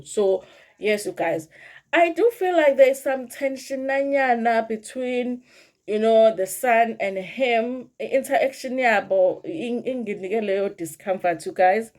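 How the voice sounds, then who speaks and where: A woman's voice: a little high, moderate pace, a little mellow. A middle-aged woman with a South African accent, chatting casually to viewers as she recaps a reality show episode and slips into Zulu phrases. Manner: chatty, addresses viewers as "you guys", mixes in Zulu phrases. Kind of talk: casual commentary vlog.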